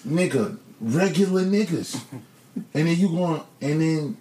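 A man's voice: fairly high pitch, measured pace, a little mellow, a little hiss or hum. Blunt, profane man in a roomy room. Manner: profane, blunt, joking rants. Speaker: podcast co-host. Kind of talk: casual chat.

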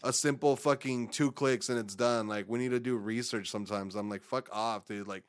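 A young man in his twenties, talking with a laid-back, meandering drawl and swearing freely. His pitch sits in an ordinary middle range, and he talks like he is hanging out with a friend. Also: steady tone, brisk. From Texas. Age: 20s. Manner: profane, laid-back, rambling. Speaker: podcast co-host. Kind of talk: casual chat.

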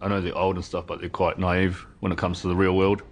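Actor doing an unsure young newcomer to a vampire house, hesitant, very low voice, quick delivery. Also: male voice, little pitch movement, slight background noise, natural voice. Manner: hesitant, mumbling.

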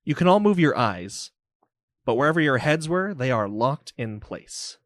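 Slow, vivid game-master narration, man. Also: mid-range voice, very animated, no room sound, studio quality. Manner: vivid, descriptive, loose with fillers.

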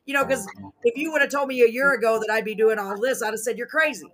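A woman hosting a live talk show, chatting casually in an excitable, goofy, rambling way and correcting herself as she goes. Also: on the high side, quick pace, crowd noise. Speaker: host of a live radio and web talk show.

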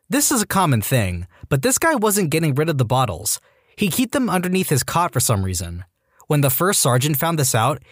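Lively male story narrator, dry mic. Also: a little high, dry recording. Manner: lively reading with voiced character quotes. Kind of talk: scripted narration of online stories.

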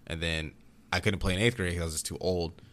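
Deep-voiced young man telling stories. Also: fast. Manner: rambling, animated storytelling with restarts. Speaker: podcast guest. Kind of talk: casual chat.

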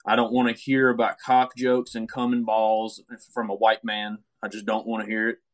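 A man's voice: on the low side, flat delivery, normal speed. A man in casual chat giving blunt, profane opinions. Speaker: podcast co-host.

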